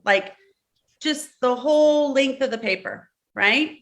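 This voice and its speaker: The audio is dull as a woman with a Southern accent, high-pitched and fairly bright, takes it slowly through a live-streamed workshop. She explains each step, repeats key words, and keeps checking in with listeners.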